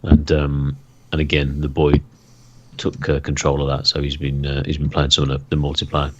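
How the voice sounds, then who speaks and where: A man co-hosting a gaming podcast, talking in halting casual chat full of restarts. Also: rumbling low, monotone, highs cut off. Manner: halting, many restarts and fillers. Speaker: podcast co-host.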